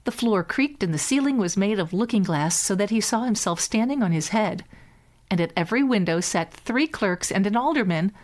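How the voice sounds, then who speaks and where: A woman reading a fairy tale aloud as a bedtime story, in a measured, gentle way. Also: medium pitch, expressive.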